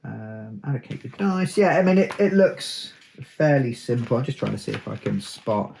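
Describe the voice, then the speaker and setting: A man's voice: mid-range voice, animated, normal speed, vocal fry, darkish tone, a little hiss or hum. A British man hosting a casual unboxing, chatty, reading rules aloud with dry asides. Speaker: host unboxing a tabletop game.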